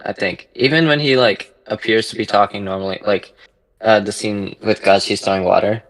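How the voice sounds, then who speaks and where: A man's voice: fairly low pitch, steady tone, normal speed, a bit bright, poor audio. A man in a casual philosophical discussion who questions and reasons tentatively. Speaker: discussion participant.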